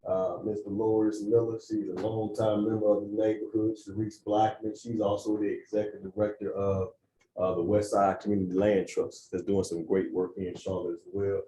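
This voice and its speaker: Speaking in a church room, a neighborhood nonprofit's executive director presents to the community in a sincere, conversational way, frequently asking "right?". He talks at a moderate pace in a lowish, warm voice with a level tone.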